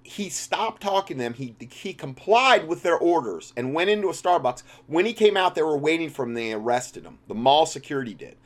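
A man's voice: on the high side, lively intonation, a little fast, hardly any pauses. Impassioned man in a rambling monologue. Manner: impassioned, rambling, with frequent restarts and big swings in loudness. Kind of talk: religious political commentary monologue.

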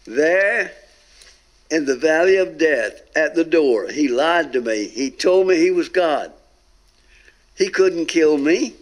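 A man earnestly tells his testimony as a guest, stretching out emphatic phrases. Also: fairly high pitch. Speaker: guest telling a near-death experience. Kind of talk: recorded testimony talk.

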